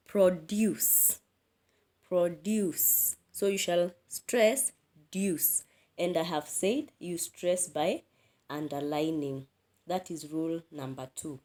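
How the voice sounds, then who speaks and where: Woman, English teacher, slow and deliberate, repeats example words, low-pitched voice. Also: a little mellow. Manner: slow, repeats key words and drills them aloud. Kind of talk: classroom lesson on word stress.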